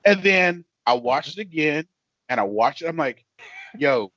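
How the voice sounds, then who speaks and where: A man's voice: on the high side, lively intonation, unhurried, fairly bright tone, dry recording, dull audio. A man co-hosting a casual chat, telling stories animatedly and acting out quotes in exaggerated voices. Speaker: co-host.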